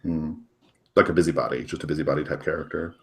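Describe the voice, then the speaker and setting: A man acting as game master, chatting casually with players, upbeat and quick to laugh, with lots of fillers. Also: very deep voice. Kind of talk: casual tabletop game planning.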